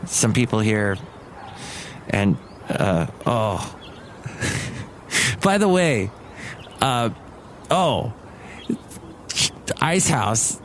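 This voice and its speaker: A man's voice: on the low side, big pitch swings, extremely slow, long pauses, slight background noise. A man hosting a solo comedy podcast, talking in a rambling, chatty way that wanders off topic. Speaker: podcast host and radio worker.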